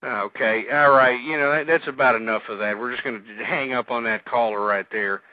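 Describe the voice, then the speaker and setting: A man's voice: medium pitch, brisk, no echo. A man hosting a talk radio show, angry and ranting at callers, often repeating himself. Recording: tinny phone-line audio, dry.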